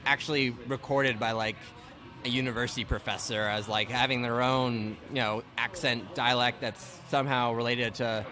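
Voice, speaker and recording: A man's voice: mid-range voice, fairly even intonation, moderate pace. Podcast host, man from Ontario, mid-range voice, loose filler-heavy chat. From Ontario, Canada. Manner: chatty, many filler "like" and "right". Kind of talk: casual chat.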